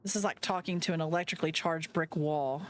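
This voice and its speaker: A woman's voice: low-pitched, steady tone, brisk. A woman streamer reading a visual novel aloud live, chatting and reacting between lines. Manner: chatty, reacting as she reads.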